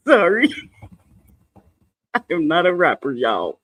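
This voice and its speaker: A man's voice: on the high side, wildly swooping pitch, very slow, long pauses, a bit bright. A middle-aged man hosting a casual livestream chat, chatty and playful, laughing often and swearing lightly. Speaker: livestream co-host.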